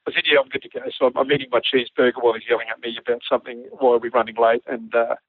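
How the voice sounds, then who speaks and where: A man, a former army helicopter pilot, telling an animated story with frequent laughter. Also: medium pitch, very fast, husky, dry recording. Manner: animated storyteller, often laughing while talking. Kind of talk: casual storytelling. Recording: dry tinny phone-like audio.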